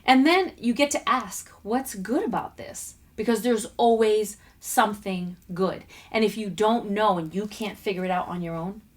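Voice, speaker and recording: A woman guest on a talk show, animated as she tells a personal story and acts out quotes in a studio. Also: medium pitch, moderate pace, hardly any pauses. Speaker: guest speaker. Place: community TV studio.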